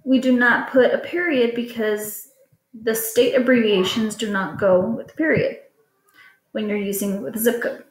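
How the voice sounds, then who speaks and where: A woman's voice: on the high side, steady tone, normal speed. A woman teacher patiently explaining a lesson to children in a recorded class video. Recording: echoey room.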